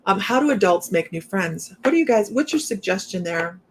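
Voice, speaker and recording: A woman's voice: medium pitch, animated, a little fast, noisy background. A middle-aged woman hosting a casual livestream, chatty and upbeat, reading out viewer comments and laughing often. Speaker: psychic medium livestream host.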